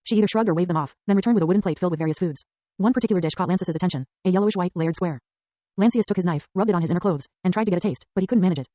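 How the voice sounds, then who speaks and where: A woman narrating an audiobook in a brisk, even reading style. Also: fairly low pitch, no room sound. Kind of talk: scripted narration.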